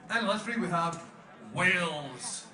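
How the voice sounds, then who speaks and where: Scottish man commentating, high voice. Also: lively intonation, takes it slowly, pushed and bright. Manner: chatty, joking banter. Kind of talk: live sports commentary. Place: outdoor fighting tournament venue. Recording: echoey, distant, noisy arena.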